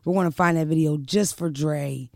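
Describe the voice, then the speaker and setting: A woman in casual podcast talk, brash and loud-mouthed, punching her points with profanity. Her voice has a gravelly edge. The sound is close and dry. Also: deep voice, normal speed, no echo. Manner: brash, profane, emphatic storytelling. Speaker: podcast host. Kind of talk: casual storytelling chat.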